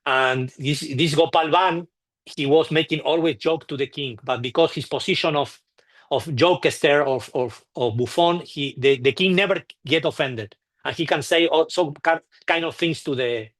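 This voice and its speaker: A man telling anecdotes at a temple gathering, halting and restarting often, acting out the people in his stories. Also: a little high. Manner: halting, with frequent restarts and repeated words. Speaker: devotee sharing memories at a temple. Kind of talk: anecdotal storytelling talk.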